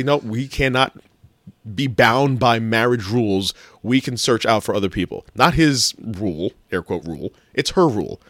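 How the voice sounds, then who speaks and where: A man talking in a rambling, animated way on a casual podcast, often restarting his sentences and swearing casually. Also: medium pitch, no echo, studio quality. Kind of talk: casual chat.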